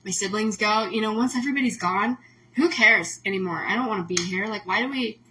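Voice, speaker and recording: A woman's voice: medium pitch, fairly quick, bright, forceful tone, a little hiss or hum, rough recording. A woman host talking casually on a livestream, emotional and rambling, full of "like" fillers. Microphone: phone or webcam on a livestream.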